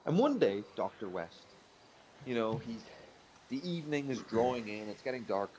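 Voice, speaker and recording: A man's voice: medium pitch, very animated, normal speed, a little mellow, a little hiss or hum, low-quality recording. A man telling a rambling comic story on a podcast, with frequent restarts.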